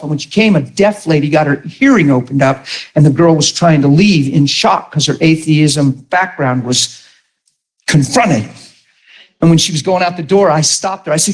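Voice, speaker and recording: A middle-aged man preaching a sermon, telling stories with animated emphasis. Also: a little high, a little fast. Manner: animated, rises to near-shouting when retelling a story. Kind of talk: sermon storytelling.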